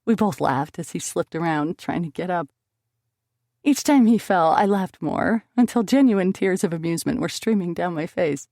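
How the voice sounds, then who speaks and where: Woman audiobook narrator for first-person romance, mid-pitched voice with a gravelly grain, dry close recording. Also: animated, moderate pace, a little mellow, no room sound.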